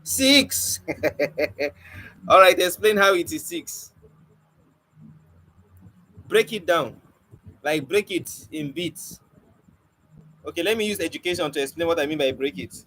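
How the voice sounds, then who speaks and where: A man's voice: on the high side, lively intonation, a little slow, gravelly, pauses often, pushed and bright, poor audio. A young man teaching an online poetry lesson, coaxing and questioning his students with light teasing. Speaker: poetry mentor.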